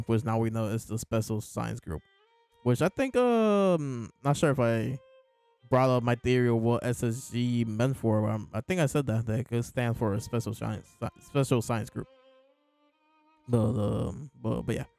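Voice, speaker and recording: A man's voice: mid-range voice, normal speed, vocal fry, darkish tone, no echo, faint music behind. A man casually chatting as a show host, amused and laughing often as he talks. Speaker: podcast host reviewing manga. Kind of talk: casual chat.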